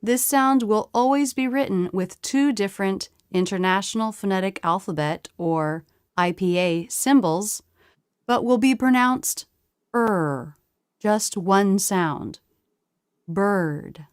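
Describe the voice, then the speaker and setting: Slow, dry-voiced woman teacher. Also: medium pitch, a little mellow, smooth, no room sound. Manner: slow, careful, demonstrates sounds by drawing them out. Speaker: pronunciation teacher. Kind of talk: instructional explanation.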